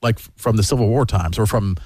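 Guy chatting fast, lively stories, acts out what he said, deadish dry room. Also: on the low side, dry recording. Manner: animated storyteller, acts out his own quotes. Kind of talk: casual chat.

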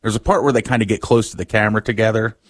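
A fairly low-voiced man co-hosting a casual radio show, his pitch moving around a lot. He tells stories with wry asides, and the sound is close and dry. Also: fairly even intonation, very fast, no echo. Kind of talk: casual morning show banter.

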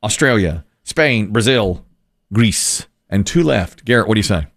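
A man's voice: on the low side, lively intonation, a little slow. A man hosting a survey game show, upbeat and joking as he reads answers and questions.

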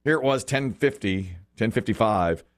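A man's voice: on the low side, moderate pace. A middle-aged man hosting a radio show, chatting casually and telling stories while acting out the voices of people he quotes. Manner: animated storyteller who acts out quoted voices. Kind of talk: casual on-air chat.

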